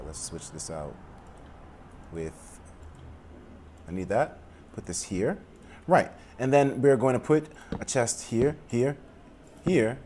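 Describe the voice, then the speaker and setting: A man casually commentating a game, rambling and swearing, sometimes bursting into loud laughter. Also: lowish voice, a little hiss or hum. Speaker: gaming commentator. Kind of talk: casual let's-play commentary. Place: room at home with windows open.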